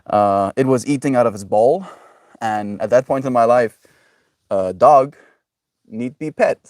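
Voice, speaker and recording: A man's voice: medium pitch, a little slow, darkish tone, dry recording. Joking young man streaming, dry sound. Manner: reads chat aloud, laughs often, jokey. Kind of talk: casual live-stream chat.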